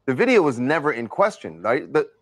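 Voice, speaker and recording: A man's voice: medium pitch, wildly swooping pitch, brisk, no echo. A man on a news panel as a legal commentator, reasoning aloud through the evidence.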